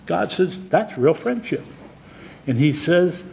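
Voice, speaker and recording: A man's voice: on the high side, expressive, slow, vocal fry, mellow, slight background noise, rough recording. A man preaching a sermon as pastor, earnest and plain-spoken, with conversational asides to his congregation.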